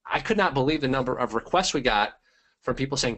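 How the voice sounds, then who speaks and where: A man hosting a live online training webinar, energetic and hyped-up, greeting viewers by name and talking with lots of fillers. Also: medium pitch, quick pace. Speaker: webinar host.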